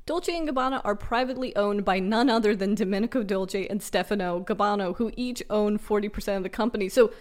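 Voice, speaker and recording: A woman co-hosting a podcast in casual chat, with quick teasing quips and opinionated asides. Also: mid-range voice. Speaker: podcast co-host.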